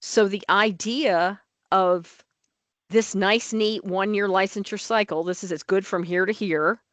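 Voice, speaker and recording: A woman's voice: medium pitch, steady tone, a little slow, a bit bright, dry recording. A woman on licensing office staff, talking through rule changes at a board meeting in an emphatic, plain-spoken way.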